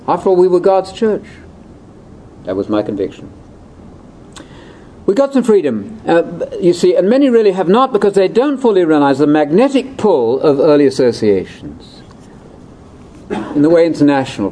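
A man's voice: fairly high pitch, warm tone, a little hiss or hum, poor audio. An older man giving a chatty, wry, ad-libbed lecture to a conference audience. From Britain. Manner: chatty, wry, with asides and laughs. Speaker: speaker at a religious conference.

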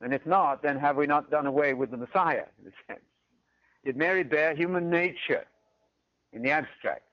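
A British man gives an animated theology lecture, frequently checking in with the audience by asking "right?" His voice is a little high and at normal speed, captured on a dull, dry lo-fi recording.

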